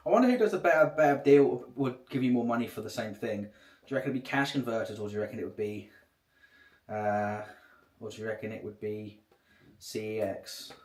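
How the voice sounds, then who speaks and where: A man's voice: lowish voice, fairly quick, darkish tone. A man chatting casually on a livestream, rambling and swearing a lot. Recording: echoey room.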